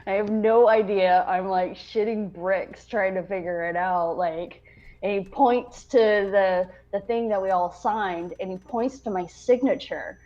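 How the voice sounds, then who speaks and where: Woman, veteran podcast co-host, unhurried storyteller who laughs and swears, muffled lo-fi sound. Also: medium pitch, a little mellow. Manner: laughing, swearing anecdote-teller. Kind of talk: casual storytelling chat.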